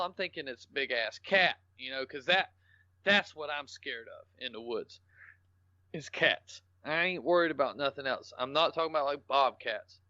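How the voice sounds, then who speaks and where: A man's voice: a little high, normal speed, bright, forceful tone, dry recording. A man, a podcast guest telling rambling, salty, joking stories in casual talk. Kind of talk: casual storytelling interview. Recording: dull lo-fi podcast audio.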